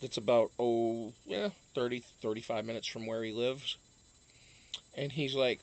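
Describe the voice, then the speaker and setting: A man's voice: medium pitch, unhurried, vocal fry. A man from Massachusetts, hosting a casual live stream, rambling with many fillers and restarts.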